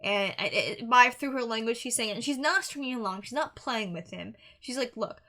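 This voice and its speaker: Young woman, music reaction host, earnest and rambling; slightly high, bright voice. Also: expressive, fairly quick. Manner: rambling, earnest, with frequent restarts and fillers. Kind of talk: casual song review monologue.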